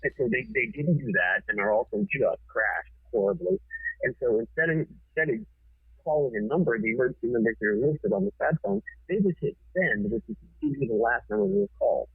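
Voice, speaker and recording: A man, a TV producer and podcast guest, telling a story in a casual, forceful way and swearing freely. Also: medium pitch, animated, brisk, gravelly, husky, no room sound. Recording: tinny phone-like sound.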